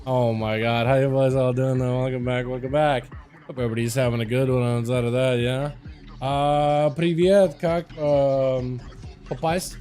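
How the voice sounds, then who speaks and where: A tired male game streamer chatting casually with his viewers, laughing often and breaking into excited outbursts. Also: medium pitch, moderate pace, soft background music. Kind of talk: casual livestream chat.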